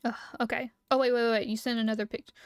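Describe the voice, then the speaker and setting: A young woman streaming live, reading lore aloud and chatting with viewers, excitable and quick to laugh. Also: fairly high pitch, no room sound, studio quality. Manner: excitable, giggly, reacting loudly.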